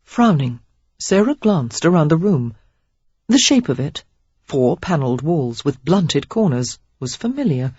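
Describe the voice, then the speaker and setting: A woman narrating a romance novel in an expressive, measured storytelling voice, on a dull, slightly muffled audiobook recording. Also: sits low, husky, no room sound. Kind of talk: scripted narration.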